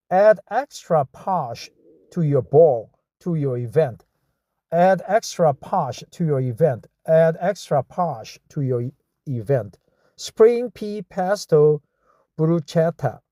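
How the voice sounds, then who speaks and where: A man with a Korean accent works through an English script at a slow, deliberate pace, repeating phrases to get them right. His voice sits slightly high yet sounds mellow, and the recording is dry and close with no room around it. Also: animated, no echo. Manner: stumbles and self-corrects mid-word. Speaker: English learner practicing reading aloud. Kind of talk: reading practice with self-commentary.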